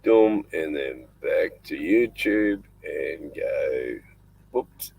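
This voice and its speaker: A man's voice: very deep voice, expressive, very slow, creaky, a little mellow, slightly rough, no room sound, low-quality recording. An older Australian man hosting a casual live stream from inside his small boat at night, rambling and chatting in between fussing over his dog. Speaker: livestream host.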